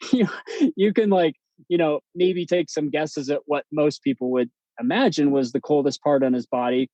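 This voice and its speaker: A man, a guest on an interview podcast, telling stories in a relaxed, chatty way with plenty of fillers and restarts. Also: on the high side, unhurried, no echo, lo-fi sound. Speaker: podcast guest, breathwork instructor. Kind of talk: casual storytelling interview.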